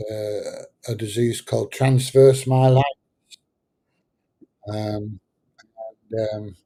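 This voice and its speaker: Middle-aged guy chatting on a livestream, mellow husky voice, lots of uhs and ums. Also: fairly low pitch, low-quality recording. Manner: rambling and hesitant, many fillers. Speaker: livestream host answering chat. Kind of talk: casual livestream chat.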